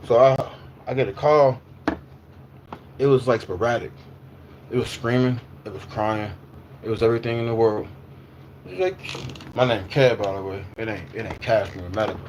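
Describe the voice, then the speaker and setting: A man's voice: fairly low pitch, normal speed, long pauses, slight background noise. Loose, slangy man livestreaming. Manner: loose, repetitive, slangy, answers chat. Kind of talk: casual livestream chat.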